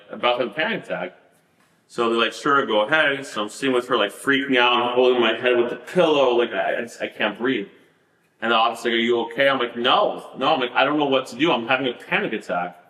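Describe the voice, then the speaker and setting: A man tells his story in a bright, forceful voice, animated and laughing, with fillers everywhere. The sound has a roomy echo around it. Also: mid-range voice. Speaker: podcast guest. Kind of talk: casual storytelling interview.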